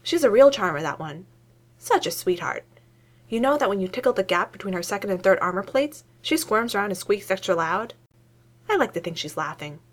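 Female reader voicing a hyper young male scientist, eager and loud, very lively pitch. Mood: excitable. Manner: rapid, excitable, voice shooting up.

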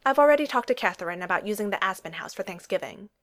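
A reserved, serious young man who speaks in a flat, restrained way, voiced by a woman reading a story aloud. His lines are low-key and held back in this audiobook reading. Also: quick pace, close to an everyday voice.

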